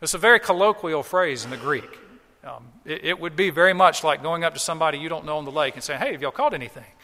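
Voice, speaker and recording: A man's voice: on the high side, quick pace, bright, forceful tone, in a large hall. A man preaching a sermon as pastor, explaining scripture in a conversational way and acting out quoted lines.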